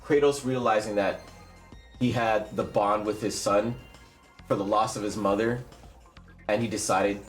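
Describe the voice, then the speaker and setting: A man with a lowish voice chimes in with dry, teasing remarks during a casual chat. Faint music plays behind him. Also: steady tone, measured pace, long pauses, echoey room. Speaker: guest on a gaming debate stream.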